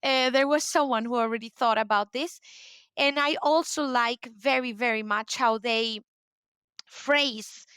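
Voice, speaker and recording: A woman speaks English with a Spanish accent in a high, bright voice. Her tone is clear and smooth, and the sound is dry and close. She is a guest in an interview and tells her story with eager energy, often pausing on fillers. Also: no room sound. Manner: enthusiastic, animated storytelling with frequent fillers. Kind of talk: casual interview talk.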